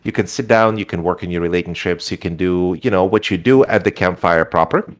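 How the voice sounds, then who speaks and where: A man's voice: low voice, fairly quick. Laid-back male game master. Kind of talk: narrating a tabletop game.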